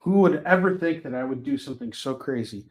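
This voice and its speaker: A man hosting a live shopping stream, chatting casually with viewers by name and pitching items between self-mocking jokes. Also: animated, fast.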